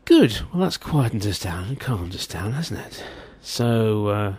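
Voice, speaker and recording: Chatty local radio host. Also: male voice, on the low side, big pitch swings, measured pace, darkish tone, breathy edge, no room sound. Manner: chatty, with fillers and playful repeats. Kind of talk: casual radio chat.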